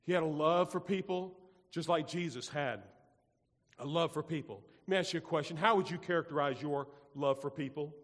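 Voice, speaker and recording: A man's voice: fairly high pitch, fairly quick, fairly bright tone. A man preaching a sermon to his congregation, emphatic and repetitive, putting questions to the listeners. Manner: emphatic, repeats phrases, asks the congregation questions. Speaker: pastor. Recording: long hall reverb.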